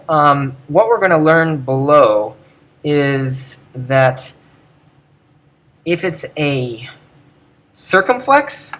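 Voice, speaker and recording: A man talks through a lesson in a relaxed, unscripted way. He muses aloud, fills pauses with ums and catches and fixes his own slips. His pitch sits in an ordinary middle range. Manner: musing, self-correcting, with many ums. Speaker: teacher. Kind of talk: casual lecture.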